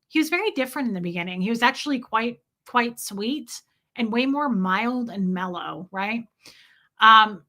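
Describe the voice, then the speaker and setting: A woman's voice: mid-range voice, sharp tone. A woman hosting a livestream, telling personal stories bluntly and reading viewer comments aloud. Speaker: livestream host. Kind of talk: casual livestream storytelling.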